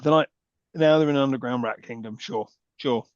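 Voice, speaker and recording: A man co-hosting a podcast, reacting to a film with quick, sweary disbelief. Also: mid-range voice, no echo, muffled recording. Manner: quick, sweary, incredulous commentary. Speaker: podcast co-host. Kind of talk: casual film chat.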